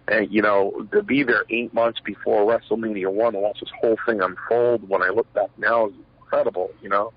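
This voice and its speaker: A man's voice: lowish voice, breathy edge, no room sound. A middle-aged man, a former pro wrestler, telling stories in a rambling interview, full of fillers and acted-out quotes. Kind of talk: shoot interview storytelling. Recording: dull lo-fi sound, dry.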